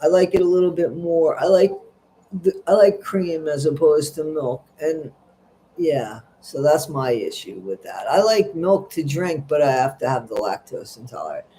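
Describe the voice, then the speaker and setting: A man's voice: fairly high pitch, lively intonation, moderate pace, mellow, a little hiss or hum. A middle-aged man hosts a casual livestream, reading out viewer comments and gossiping in a rambling, chatty way. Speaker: livestream host.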